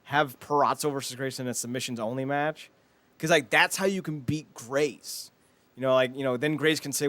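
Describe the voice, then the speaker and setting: A man's voice: medium pitch, moderate pace, a bit bright, no room sound. Man chatting eagerly, many "like"s. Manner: eager, filler-heavy talk with quoted asides. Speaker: podcast co-host. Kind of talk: casual chat.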